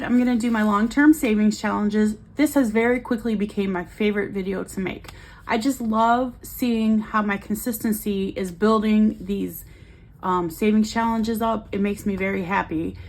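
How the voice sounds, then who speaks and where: A woman's voice: mid-range voice, darkish tone. A woman vlogging in a cheerful, chatty way, counting cash aloud as she budgets. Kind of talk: upbeat casual vlog while cash stuffing.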